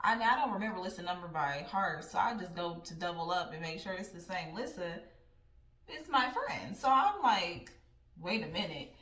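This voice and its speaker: A woman's voice: on the low side, moderate pace. Blunt, profane woman vlogger in a roomy space. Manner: blunt, profane, animated storytelling. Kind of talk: casual storytime. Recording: roomy sound from a distant mic.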